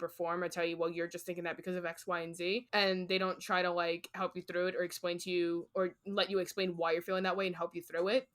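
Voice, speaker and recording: A woman in her twenties co-hosting a podcast, chatting casually with animated, profane storytelling. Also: fairly low pitch. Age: 20s. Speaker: podcast co-host. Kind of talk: casual chat.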